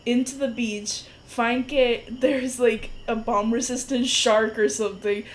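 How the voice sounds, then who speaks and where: Woman, fairly high voice, podcast co-host, chatty mix of English and Spanish, laughs easily, faint background hiss. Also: unhurried, low-quality recording. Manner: switches between English and Spanish mid-sentence; animated storyteller, laughs often. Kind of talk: casual chat.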